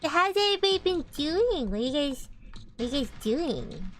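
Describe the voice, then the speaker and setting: A teasing female roommate with a high, bouncy voice that leaps around as she nags and pokes fun, as a woman puts her on. Her lines come in exasperated bursts on a streaming session. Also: big pitch swings, a little fast, fairly bright tone.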